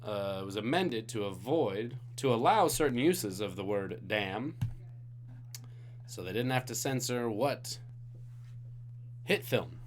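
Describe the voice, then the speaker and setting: Playful trivia host, lively pitch. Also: male voice, slow pace, pauses often. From Singapore. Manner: jokey, playful asides to the chat. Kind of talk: live-streamed trivia hosting.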